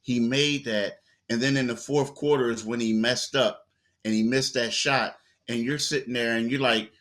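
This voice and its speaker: Male sports reporter, bright and animated, chatty storyteller. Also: mid-range voice, moderate pace. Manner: animated storyteller, acts out quotes, repeats words. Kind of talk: casual sports talk.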